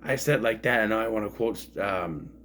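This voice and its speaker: A man's voice: fairly low pitch, brisk, a bit bright. A man casually reviewing a film, rambling and frank, swearing freely as he complains. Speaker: movie reviewer.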